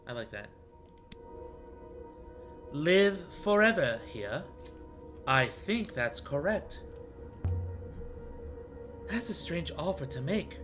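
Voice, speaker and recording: A man's voice: a little high, very animated, takes it slowly, pauses often, pushed and bright, faint music behind. A man streaming a video game, musing aloud as he reads and translates in-game text and greets viewers in chat. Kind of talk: live gaming commentary.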